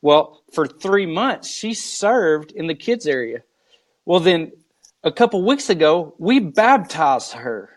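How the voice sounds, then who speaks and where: Male pastor guest, slow storyteller, slightly high voice. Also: big pitch swings. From United States. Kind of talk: live video interview.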